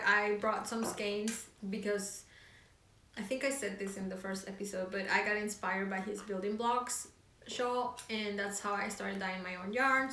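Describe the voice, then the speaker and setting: A woman's voice: mid-range voice, bright, forceful tone. A woman co-hosting a casual knitting chat show, talking in a rambling, filler-heavy way. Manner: chatty, rambling, many fillers. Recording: echoey room, distant mic.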